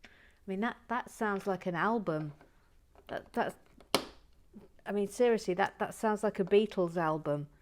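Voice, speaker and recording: A woman's voice: medium pitch, measured pace, pauses often, a little hiss or hum. A woman reading out listener messages in a casual, giggly chat, often trailing off into whispers. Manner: giggly, self-interrupting, drops into whispers.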